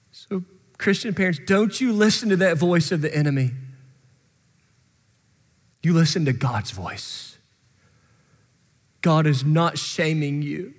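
A man in his forties preaching a sermon as pastor, moving from relaxed storytelling to fervent appeals to parents. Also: fairly high pitch, a little slow, pauses often. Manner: conversational storytelling rising to impassioned exhortation. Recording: long reverb in large hall.

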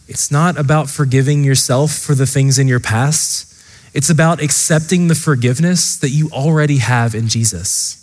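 A man's voice: mid-range voice, normal speed, darkish tone, big-room sound. A man preaching a sermon as pastor, earnest and impassioned, speaking straight to the congregation. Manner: earnest, impassioned preaching with repeated direct address.

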